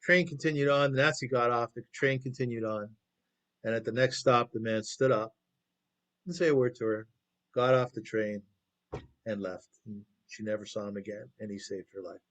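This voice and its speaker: A man's voice: medium pitch, fairly even intonation, moderate pace, a bit bright. Conversational male lecturer on a video call. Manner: conversational, asks the audience questions. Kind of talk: storytelling lecture.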